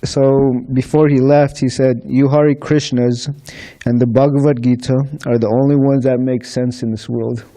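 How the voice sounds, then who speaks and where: A man's voice: medium pitch, sing-song, slow, warm tone. A man telling anecdotes to a congregation about handing out books, acting out the conversations and chuckling between stories. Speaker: book distributor sharing experiences. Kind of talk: casual anecdotal storytelling to a congregation.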